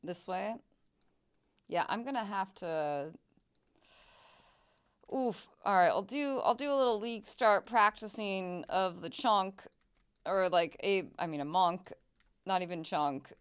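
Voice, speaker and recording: Young woman gaming on stream, chatty, swears a lot, smooth clear voice, keyboard clacking. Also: medium pitch, slow pace, pauses often. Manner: chatty, swearing, laughing, exclamations. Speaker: game streamer. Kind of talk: casual gameplay chat.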